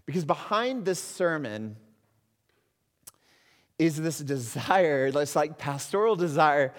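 A middle-aged man preaching a sermon as pastor, earnest and swinging between soft, confiding words and loud exhortation. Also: on the high side, very animated, slow pace, long pauses. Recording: long hall reverb.

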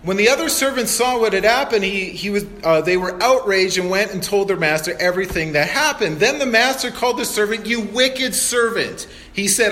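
A male pastor with a high voice delivers a sermon in a casual, conversational way, full of asides and rhetorical questions. The room around him is echoey. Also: bright, forceful tone.

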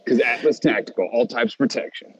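A man's voice: medium pitch, brisk, slightly rough, lo-fi sound. A young American man co-hosting a casual podcast, laid-back and saying "dude" a lot. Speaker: podcast co-host.

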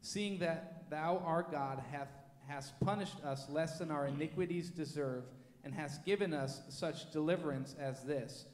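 A man reading scripture aloud in a church with a steady, measured delivery. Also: a little high. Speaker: scripture reader. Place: church sanctuary. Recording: echoey church hall with long reverb.

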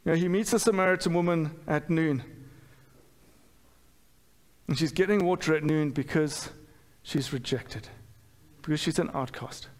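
A middle-aged man delivers a sermon in a fairly high voice. He talks candidly and pokes fun at himself, stumbling through restarts and fillers. His voice rings out with a long reverb in a church hall. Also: moderate pace, pauses often. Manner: candid, self-deprecating, with frequent fillers and restarts. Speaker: pastor.

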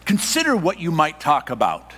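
A middle-aged man preaching a sermon as a pastor, animated and exclamatory, often stammering and repeating words as he presses his points. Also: on the high side, normal speed, in a large hall, slight background noise.

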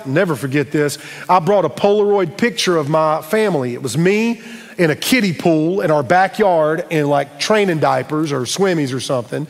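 A middle-aged pastor delivers his sermon like a story told to friends, chatty and funny. His voice sits high for a man, and a long reverb trails each phrase in a large hall. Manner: storytelling, conversational, humorous asides.

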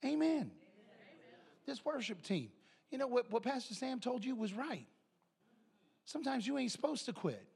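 A middle-aged man preaching a sermon, animated and telling family stories. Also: very high voice, brisk, vocal fry, husky. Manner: animated, acts out family members' voices. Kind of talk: sermon with storytelling.

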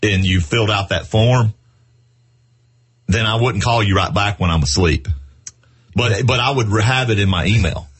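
A man's voice: lowish voice, moderate pace, pauses often, husky. A man from South Carolina with a Southern US accent, hosting a radio show in a folksy, chatty way. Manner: folksy, chatty, laughs easily. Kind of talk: casual radio chat.

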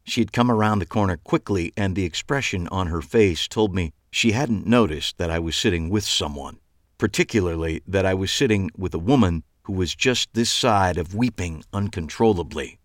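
A man's voice: low voice, normal speed, no echo. A man reading a first-person novel aloud with dry, wry storytelling. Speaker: audiobook narrator. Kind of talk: first-person scripted narration.

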